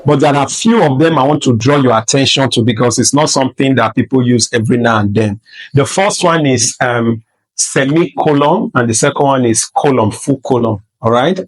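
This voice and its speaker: A man's voice: medium pitch, slightly rough, poor audio. A man teaching a lesson, repeating points and constantly asking if students understand. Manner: checks in often with rhetorical "All right?" and "Do you understand?"; repeats and rephrases points slowly for emphasis. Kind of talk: classroom-style lesson.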